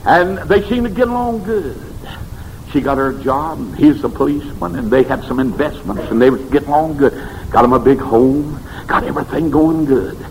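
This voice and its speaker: A man preaching a revival sermon, telling stories and swinging between shouted peaks and hushed low passages. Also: normal speed, slight background noise, poor audio.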